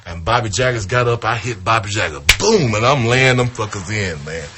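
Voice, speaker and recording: Male storyteller, low register, foul-mouthed and animated, casual anecdote. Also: fairly quick, noisy background. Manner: profane, animated, acts out quotes. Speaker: retired wrestler telling a story.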